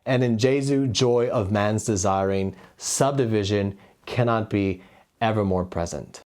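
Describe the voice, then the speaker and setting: A man's voice: fairly low pitch, a little slow, a little mellow. A man teaching a cello lesson, explaining rhythm steadily and counting beats aloud on a lapel mic. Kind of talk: music lesson. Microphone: lavalier.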